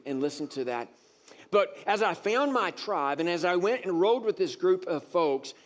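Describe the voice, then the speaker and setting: A pastor with a slightly high voice tells a personal story in his sermon, using many fillers and repeated words. He grows animated and exasperated as his emphasis keeps rising.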